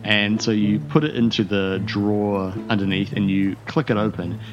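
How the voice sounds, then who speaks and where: A man's voice: lowish voice, flat delivery, normal speed, highs cut off. A man narrating as game master of a tabletop role-playing game, rambling with fillers and restarts.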